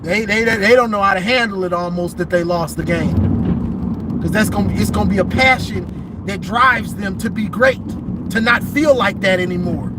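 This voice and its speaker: A man's voice: high-pitched, normal speed, heavy background noise. A man ranting casually about football on a livestream from inside his car, emphatic and repeating himself. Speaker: sports commentator vlogger.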